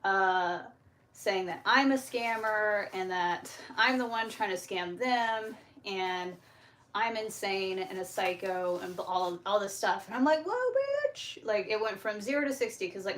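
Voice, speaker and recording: A young woman hosting a homestead livestream, telling a story in a casual, animated way, swearing and acting out the exchanges. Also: mid-range voice, a little hiss or hum. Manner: animated, profane, acts out quoted exchanges. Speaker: homestead channel host.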